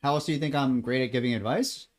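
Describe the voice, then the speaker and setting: A man's voice: medium pitch, fast. Rambling man chatting as he cooks. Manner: rambling, joking, laughs often. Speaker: home cook. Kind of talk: casual chat while cooking. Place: home kitchen.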